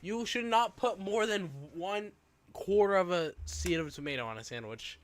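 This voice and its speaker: A man's voice: high voice, normal speed. Man tossing out sarcastic reaction asides. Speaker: reaction video host. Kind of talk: casual reaction commentary.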